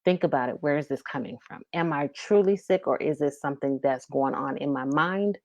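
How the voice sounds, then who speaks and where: Low-voiced woman telling a story. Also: fairly quick, a little mellow, dry recording. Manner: earnest, storytelling. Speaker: podcast co-host. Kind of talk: casual chat.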